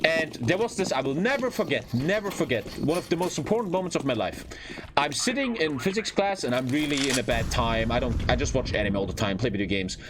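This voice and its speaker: A man's voice: mid-range voice, a little fast, background noise. A man with a German accent, a streamer telling a personal story in casual, swearing, repetitive style while gaming. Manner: animated, swears often, repeats phrases for emphasis.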